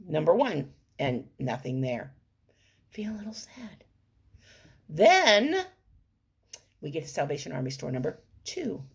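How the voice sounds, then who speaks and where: A middle-aged woman vlogger tells a thrift-shopping story with playful enthusiasm. Her voice sits low and sounds slightly husky. Her pitch jumps around a lot as she talks. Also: mellow. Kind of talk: storytelling vlog.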